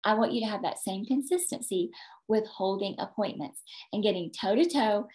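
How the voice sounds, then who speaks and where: A woman's voice: mid-range voice, darkish tone. Emphatic woman leading team training. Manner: emphatic, repeats points, tags "okay?". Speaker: sales team leader. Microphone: video call.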